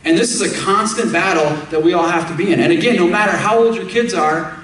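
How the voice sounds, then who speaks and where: A man's voice: high-pitched, fairly quick, a bit bright, recorded from a distance. Man preaching in a very echoey church. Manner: emphatic, asks the congregation direct questions. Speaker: pastor. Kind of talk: sermon. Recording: echoey room, speaker away from the mic.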